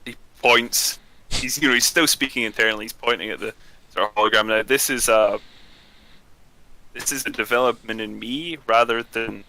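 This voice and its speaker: A man speaking as his calm, inquisitive tabletop character, asking slow, measured questions. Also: medium pitch, vocal fry, low-quality recording. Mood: curious. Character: calm, inquisitive player character, male adventurer.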